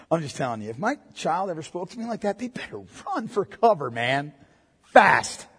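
A male pastor preaching a sermon, swinging from hushed, low passages to loud, emphatic ones. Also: sing-song, normal speed, breathy edge, long reverb tail.

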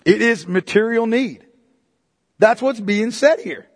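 A man preaching a sermon as pastor, emphatic and repetitive, swinging between loud and hushed delivery. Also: high voice, slow pace, long reverb tail.

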